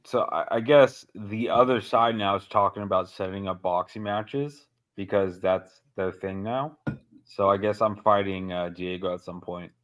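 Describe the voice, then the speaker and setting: Low-voiced man with a slight lisp. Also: steady tone, moderate pace. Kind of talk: casual chat.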